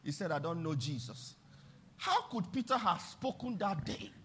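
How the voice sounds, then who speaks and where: A middle-aged Nigerian man preaching a sermon as pastor, emphatic and sing-song, swinging between loud declarations and hushed asides. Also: on the high side, big pitch swings, normal speed, slight background noise.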